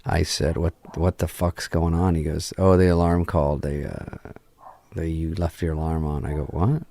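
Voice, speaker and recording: A man as a podcast guest, telling a long story in a casual, deadpan way, full of swearing and acted-out dialogue. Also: rumbling low, moderate pace, gravelly. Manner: profane, deadpan anecdote acting out quoted dialogue. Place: podcast studio. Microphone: studio microphone.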